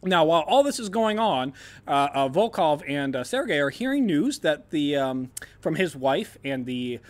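Brief: man, fairly high voice, easygoing podcast storyteller who cracks jokes. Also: big pitch swings, moderate pace. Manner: laid-back, jokey, acts out quotes in silly voices. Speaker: podcast host. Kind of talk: casual chat, storytelling history.

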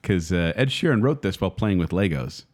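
A man's voice: low voice, animated, brisk, darkish tone, slight background noise. A man co-hosting a podcast in casual chat, sharing song trivia and laughing easily. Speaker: podcast co-host.

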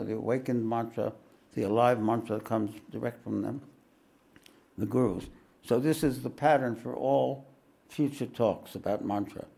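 A man with a gravelly, creaky edge to his voice reads a spiritual memoir aloud at a mid pitch. He keeps a measured, unhurried delivery. Between passages he adds calm explanatory asides in the manner of a teacher addressing his students. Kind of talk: reading a spiritual autobiography aloud with commentary.

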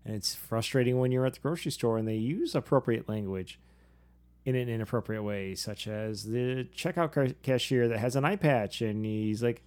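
A man's voice: mid-range voice, darkish tone. A man co-hosting a podcast, talking casually, laughing easily and adding side remarks to his partner's stories. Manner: easygoing, quick to laugh, adds caveats. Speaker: podcast co-host, behavioral psychologist and coach. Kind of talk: casual conversational podcast talk.

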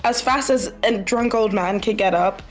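Woman game master, mid-pitched, narrating a tabletop scene, halting with fillers, faint music behind.

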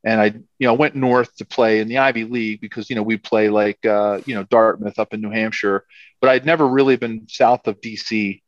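A man's voice: fairly low pitch, fairly even intonation, fairly quick, no room sound. A middle-aged man from the area, a former football player telling a casual, rambling story full of "like" and "you know". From Philadelphia area. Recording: slightly dull, dry sound.

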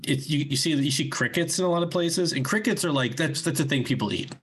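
A man's voice: on the high side, husky, rough recording. Rambling man chatting on a podcast. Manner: rambling, halting, many restarts and likes. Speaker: podcast co-host. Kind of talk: casual podcast chat.

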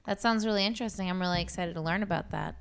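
A woman's voice: lowish voice, rapid-fire, creaky, clear, resonant tone. Playful woman co-hosting a podcast. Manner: playful, giggly, jokey asides. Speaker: podcast co-host. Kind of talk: casual podcast chat.

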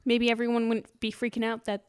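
A woman's voice: a little high, monotone, fairly quick, smooth, dry recording, clean studio sound. A woman in casual chat, recapping a TV episode with a friend, laughing often and acting out her reactions. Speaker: podcast co-host recapping a TV episode.

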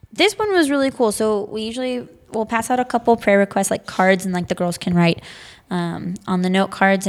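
Chatty young woman recapping a class. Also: mid-range voice. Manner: chatty, rambling recap with many fillers. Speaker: girls' Sunday school teacher. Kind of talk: casual podcast chat.

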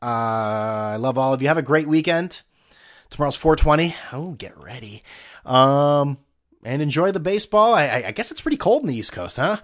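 A man's voice: on the high side, lively intonation, moderate pace. A man hosting a casual solo podcast, rambling and sarcastic with plenty of profanity. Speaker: podcast host.

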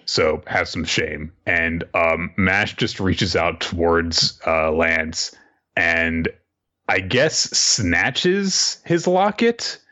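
A man casually recapping an anime episode on a podcast, rambling and dropping into quick quoted character voices. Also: low-pitched, pushed and bright, dull audio. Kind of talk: casual chat.

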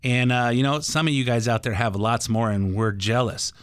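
An older man hosts a talk radio show and talks in a casual, rambling, folksy way, full of filler words. His voice is smooth and resonant and sits at an ordinary pitch. It sounds dry and close to the studio mic. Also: moderate pace, no room sound. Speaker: radio show host and mortgage broker.

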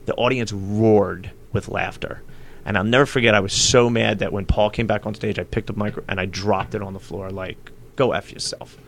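Loud guy with a gravelly lowish voice, guest on a chat show, tells stories big. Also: moderate pace, slight background noise. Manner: loud, animated storyteller. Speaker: guest, comedian and actor. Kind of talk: casual chat.

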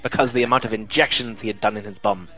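Low-voiced man chatting about wrestling. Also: fast, faint music behind, poor audio. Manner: chatty, steady storytelling with many fillers. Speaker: podcast co-host. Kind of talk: casual chat.

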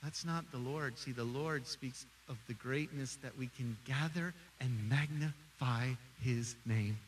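A middle-aged man preaching a sermon as pastor, animated, acting out quoted voices. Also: medium pitch, unhurried, far from the mic, a little hiss or hum, low-quality recording.

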